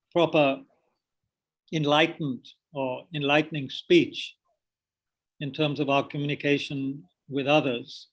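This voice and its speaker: Higher-voiced man teaching a meditation class. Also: a bit bright, low-quality recording. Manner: hesitant, many fillers and restarts; speaking with mouth full of biscuits. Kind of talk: teaching a dharma class with questions. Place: meditation centre.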